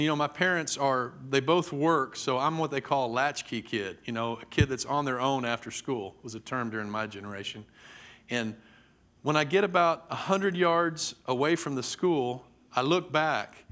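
A man's voice: fairly high pitch, fairly bright tone. Middle-aged man, preacher, sermon, vivid storytelling, acted-out quotes. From Texas.

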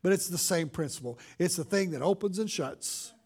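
A man with a high voice, a darkish tone, and a breathy edge preaches a conversational sermon as pastor. He uses loose fillers and reads scripture lines slowly and dramatically.

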